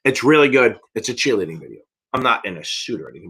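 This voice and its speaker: Hyped-up, profane man with lively pitch. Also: fast, slight background noise. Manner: profane, rambling, hyped-up cheerleading. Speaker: exam prep tutor hosting a live Q&A. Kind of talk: livestream Q&A chat.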